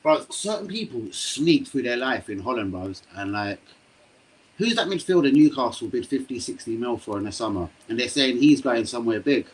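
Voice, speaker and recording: A young man hosting a live football stream, chatting to his viewers in slangy, excitable talk with frequent swearing. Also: mid-range voice, normal speed, breathy edge, rough recording. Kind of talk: casual live-stream commentary. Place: home room.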